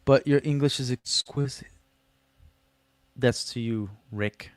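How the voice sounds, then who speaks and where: A man's voice: mid-range voice, steady tone, moderate pace, dry recording. Slangy, joking man on a livestream. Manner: reads chat messages aloud and answers them, joking and teasing; slangy, loose delivery with many fillers. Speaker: livestream host. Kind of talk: casual livestream chat.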